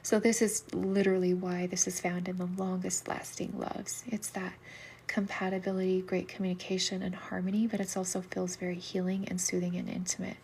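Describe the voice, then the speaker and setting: A middle-aged woman giving soulmate readings on a livestream, talking casually in a soft, soothing voice that often drops into a whisper. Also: lowish voice, completely flat delivery, fairly quick, gravelly, slight background noise.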